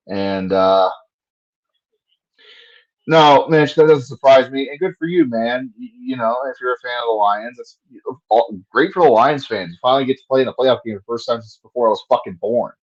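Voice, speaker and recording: A man's voice: medium pitch, lo-fi sound. A man giving casual play-by-play commentary on a fan livestream, profane and frustrated, ranting between plays.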